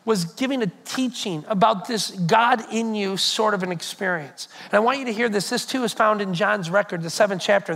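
High-voiced man preaching a sermon. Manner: storytelling, animated, addresses congregation directly. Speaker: pastor.

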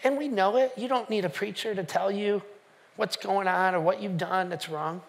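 A male pastor with a high-pitched voice delivers a conversational sermon. He speaks directly to the congregation, asking them questions and restarting his sentences as he goes. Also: normal speed, vocal fry. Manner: conversational, with frequent fillers and restarts.

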